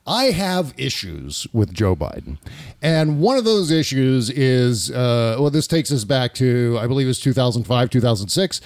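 Joking talk-radio host, lively pitch. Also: male voice. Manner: joking, laughs often, quick asides. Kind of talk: casual comedic talk radio chat.

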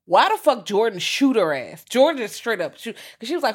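A woman co-hosting a podcast, reviewing a film in profane, animated chat and acting out the characters' lines. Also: on the high side, fairly quick, hardly any pauses. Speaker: podcast co-host.

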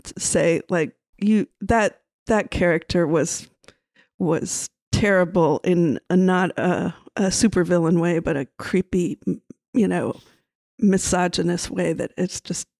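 Gravelly, rambling podcast co-host. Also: mid-range voice, a little slow, a little mellow, no room sound, studio quality. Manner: rambling, many fillers. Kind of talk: casual chat.

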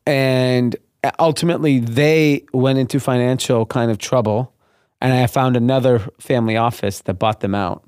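A man's voice: medium pitch, normal speed, clean tone, dry recording, clean studio sound. A man in his thirties from the Los Angeles area, telling his business story in a casual interview and acting out the other people in it. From Los Angeles area, Granada Hills. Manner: animated storyteller, acts out quoted voices. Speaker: guest, clothing brand founder.

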